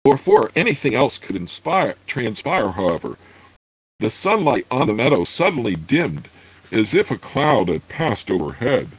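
A man reading a fantasy novel aloud, with unhurried asides full of fillers. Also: medium pitch, very animated, breathy edge, low-quality recording. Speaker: reader.

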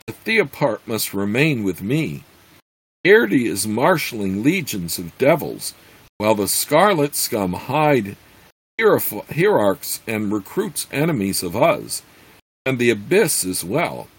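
A man's voice: mid-range voice, very animated, slow pace, husky, full character voice, poor audio. Man voicing a defiant cambion emperor.

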